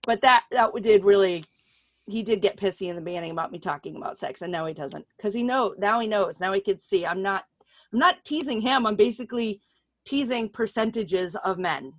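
A middle-aged woman hosting a podcast, telling stories in a casual, animated way, swearing freely and voicing the people she quotes. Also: medium pitch, a little fast. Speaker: podcast host and comedian. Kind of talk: casual chat, storytelling.

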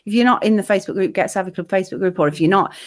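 A woman's voice: medium pitch, racing. Upbeat woman podcast co-host. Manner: upbeat, counts through list points. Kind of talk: casual chat.

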